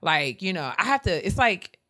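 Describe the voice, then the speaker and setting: A woman with a slightly low voice chats casually as host. She tells stories with animated energy and drawls her asides. The delivery feels loose and conversational. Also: normal speed. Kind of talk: casual chat.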